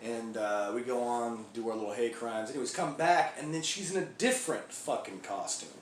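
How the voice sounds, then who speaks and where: An actor, lightly acting in a mid-range voice at a moderate pace, plays a crude, foul-mouthed biker gang member rambling through a comic monologue. The mood is crude ranting, with a profane, meandering storytelling quality. It's recorded in an echoey room with faint background hiss.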